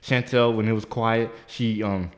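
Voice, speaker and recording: A man co-hosting a podcast, telling a profane, animated story and leaping into high squeaky voices when he quotes people. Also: unhurried. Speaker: podcast co-host. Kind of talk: casual storytelling chat.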